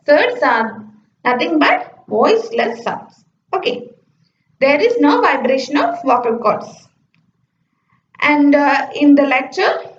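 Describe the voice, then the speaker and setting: A woman gives a lecture over slides. She explains step by step and often checks in with "okay". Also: high-pitched. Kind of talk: slide-based phonetics lecture. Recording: echoey, dull lo-fi room recording.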